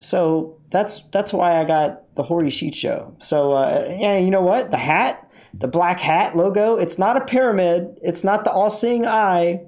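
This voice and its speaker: Streaming from his car, a man keeps things loose, rambling, joking and bantering with his chat. He has a high, somewhat darkish voice and speaks a little slowly.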